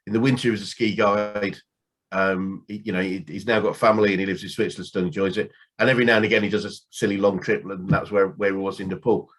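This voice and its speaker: A man's voice: on the low side, fairly even intonation, fast talker, fairly bright tone. A man interviewing a business guest in casual chat, hesitant with many restarts and fillers.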